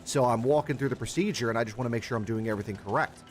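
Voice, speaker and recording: A man's voice: medium pitch, rapid-fire, faint music behind. A young man streaming a survival game, chatting casually with his viewers, rambling and swearing a lot and greeting chatters by name. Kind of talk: casual gaming livestream chat.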